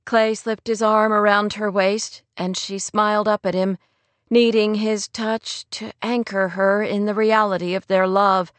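Woman with a gentle, measured reading voice. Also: medium pitch, flat delivery, clean tone, no echo. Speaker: audiobook narrator. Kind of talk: scripted narration.

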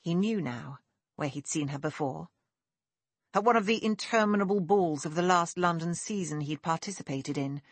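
A woman narrating a period novel in a measured, even storytelling manner, recorded on a close mic. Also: deep voice, husky, no echo. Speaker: audiobook narrator. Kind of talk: scripted narration.

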